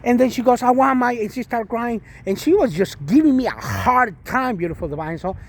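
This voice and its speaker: A man's voice: extremely high pitch, sing-song, brisk, a little hiss or hum. A man and father telling a rambling spiritual story about his daughter, with many restarts and repeated endearments. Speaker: vlogger and father.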